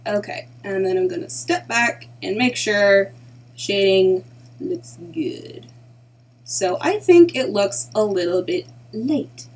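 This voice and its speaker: A woman narrating a casual digital art tutorial in a chatty way, often dropping into soft half-whispered asides to herself as she works. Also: mid-range voice, husky, poor audio. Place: at home at her computer.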